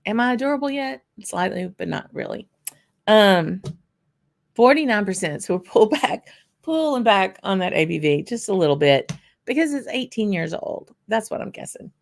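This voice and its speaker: Gravelly woman. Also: mid-range voice, big pitch swings, normal speed. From Louisiana. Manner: chatty, answers viewers by name while tasting. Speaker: whisky channel host. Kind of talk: casual livestream chat.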